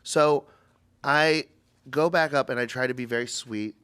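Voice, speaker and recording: A man on a casual podcast, telling a story in a lively way and putting on high, mocking voices to quote people. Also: unhurried, smooth. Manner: animated, acts out quotes in high voices, laughs often. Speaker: podcast host.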